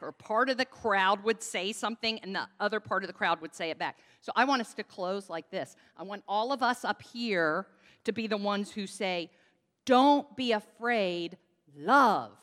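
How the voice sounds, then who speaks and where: Speaking with a medium pitch and a slightly bright quality, this woman pastor leads a children's sermon through a handheld mic. She draws the congregation into call-and-response, and her words echo with the sanctuary's long reverb.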